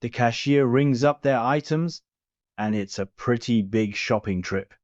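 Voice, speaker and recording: A man reading fan fiction aloud in a steady, plain storytelling way. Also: medium pitch, a little slow, no room sound, dull audio. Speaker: reader. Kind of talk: fanfiction story narration.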